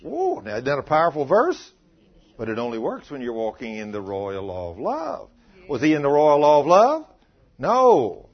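A man preaching a sermon, telling a story with animated delivery and calling out questions to his congregation. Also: mid-range voice, moderate pace, dull audio. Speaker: pastor.

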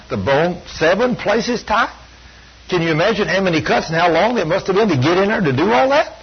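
Older male preacher, a bit husky, higher-pitched, telling stories from the pulpit on a dull, low-fi recording. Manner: plain-spoken, storytelling, self-deprecating. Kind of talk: folksy sermon. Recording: dull lo-fi sound.

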